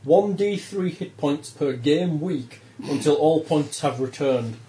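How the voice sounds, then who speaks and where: A man's voice: on the high side, expressive, takes it slowly, reverberant, heavy background noise. A man running a tabletop horror game as game master, laughing often and reading rules aloud.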